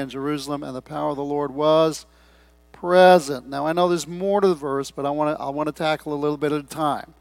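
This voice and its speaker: Emphatic male preacher, fairly high voice. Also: dry recording. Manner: emphatic, stresses key words, asks the congregation questions. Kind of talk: sermon.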